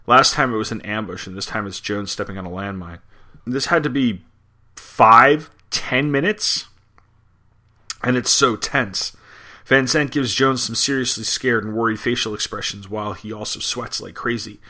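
A male podcast host recaps and reviews a war comic conversationally, dropping in the occasional filler. His slightly low voice carries a bright, forceful edge, moves at a moderate pace, and seems aimed straight at the listener.

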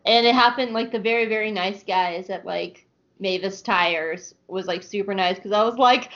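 A woman's voice: mid-range voice, normal speed, a bit bright. A woman co-hosting a podcast, chatting casually about a cartoon series, chatty with frequent laughs and fillers. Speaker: podcast co-host. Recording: dull lo-fi sound.

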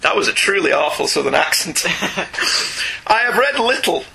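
A man's voice: sits high, big pitch swings, fairly quick, gravelly, bright, forceful tone, slightly rough. A man hosting a podcast, reading out listener emails in a chatty, jokey way. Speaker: podcast host.

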